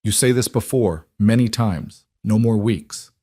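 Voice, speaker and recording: A man's voice: on the low side, measured pace, warm tone, slightly rough, no echo, studio quality. A man voicing a cold, callous landlord with a foreign accent who speaks in blunt, clipped broken English.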